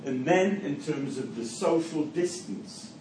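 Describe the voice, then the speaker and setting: Male teacher, questioning lecture style, warm dark tone, roomy echo. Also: fairly high pitch, animated, slow pace, a little hiss or hum. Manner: asks the class a string of rhetorical questions. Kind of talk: lecture on analysing songs. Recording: echoey room, mic from far off.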